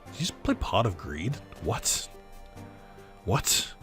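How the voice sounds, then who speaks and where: Low-voiced man joking through a video game. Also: big pitch swings, takes it slowly, fairly bright tone, soft background music. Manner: rambling, swears, laughs at own jokes; reads game dialogue aloud in put-on voices. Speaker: gameplay commentator. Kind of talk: casual let's-play commentary.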